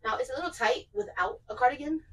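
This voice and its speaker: A woman's voice: sits high, fast talker, slightly rough, low-quality recording. A young woman chatting casually and playfully in a clothing try-on vlog, with joking asides. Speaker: vlogger.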